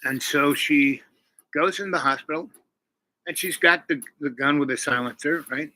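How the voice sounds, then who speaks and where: A man's voice: on the high side, moderate pace, pushed and bright, rough recording. A man casually retelling a movie plot, rambling with many fillers and restarts. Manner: rambling, full of "you know" and restarts. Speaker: channel host.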